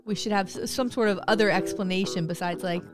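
A woman's voice: medium pitch, steady tone, quick pace, music in the background. A woman co-hosting a podcast, telling a story in a casual, joking and profane way. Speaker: podcast co-host.

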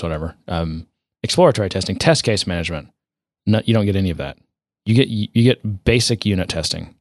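Male podcast co-host, low voice, dry close sound, sardonic rambling tech chatter. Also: no echo. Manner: rambling, sardonic, many fillers and restarts. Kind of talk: casual tech chat.

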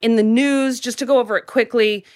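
A woman's voice: fairly high pitch, steady tone, a little fast, a little mellow, no room sound, studio quality. A woman co-hosting a podcast, running through events and news in an upbeat, chatty way with plenty of fillers. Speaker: podcast co-host. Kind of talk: casual news rundown. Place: home in a city, remote recording.

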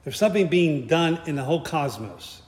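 A man's voice: on the high side, animated, fairly quick, a little mellow. A man giving a conversational sermon, with joking asides and frequent restarts. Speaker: preacher. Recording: echoey hall.

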